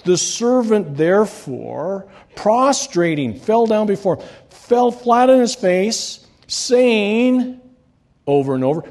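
A man preaching a sermon, swinging between loud, rising reading and quiet, dropped endings. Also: high voice, sing-song, takes it slowly. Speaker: pastor.

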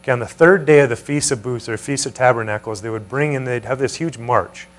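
A man's voice: medium pitch, fairly quick. Male preacher, teaching sermon, conversational, questions to the room, mains hum under the voice.

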